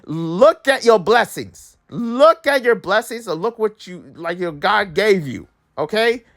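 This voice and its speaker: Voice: medium pitch, expressive, measured pace, fairly bright tone. Young adult vlogger on a heated rant. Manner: heated, exasperated ranting with many repeats and restarts; accent drifts and shifts when angry. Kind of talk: ranting commentary vlog.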